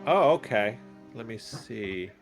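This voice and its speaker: A man's voice: on the low side, lively intonation, slow pace, soft background music. Stammering earnest tabletop player, male. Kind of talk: in-character tabletop role-play.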